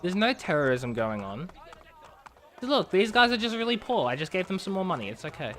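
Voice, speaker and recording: A man's voice: high-pitched, big pitch swings, fairly quick, fairly bright tone, slight background noise. A man streaming a video game, giving sarcastic, rambling live commentary.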